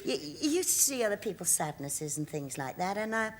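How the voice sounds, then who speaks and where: A woman's voice: lowish voice, very animated, normal speed. A woman in her sixties, a guest on a TV talk show, telling stories in a chatty way and laughing often. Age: 60s. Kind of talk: casual chat. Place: TV studio.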